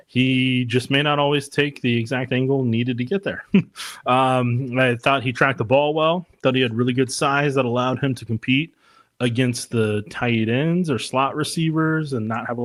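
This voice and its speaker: A man's voice: medium pitch, moderate pace, fairly bright tone, dry recording. A man co-hosting a casual sports podcast, talking loosely and laughing often between points. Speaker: podcast co-host.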